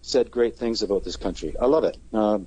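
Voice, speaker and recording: A man's voice: lowish voice, fairly quick, warm tone, slightly rough, no echo, poor audio. A man, a touring band's singer, chatting casually in an interview and rambling with many fillers and restarts. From Canada.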